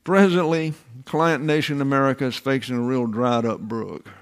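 A man's voice: mid-range voice, fairly even intonation. Older man teaching a sermon. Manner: deliberate, emphatic, repeats phrases. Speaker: Bible teacher. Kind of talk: sermon, classroom Bible teaching.

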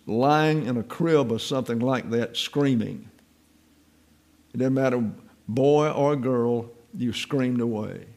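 A man teaches the Bible in a relaxed, folksy way, mixing in wry stories from his own life. His voice is gravelly and sits at an ordinary mid pitch. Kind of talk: informal Bible teaching with personal anecdotes.

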